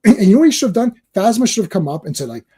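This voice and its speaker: A man co-hosting a casual podcast chat, talking in an animated, ranting way and laughing often. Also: high-pitched, racing, breathy edge. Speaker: podcast co-host.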